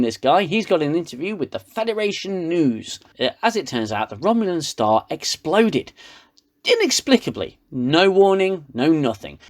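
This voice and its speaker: Sarcastic British man recapping. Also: medium pitch. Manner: sarcastic, rambling. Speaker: reviewer. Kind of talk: comedic episode recap.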